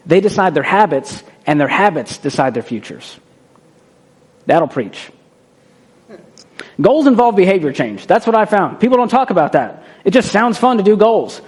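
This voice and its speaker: A man's voice: sits high, a little mellow. A man giving a motivational talk in a punchy, conversational way, often tossing in a rhetorical "right?". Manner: acts out quoted voices for effect. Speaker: motivational speaker.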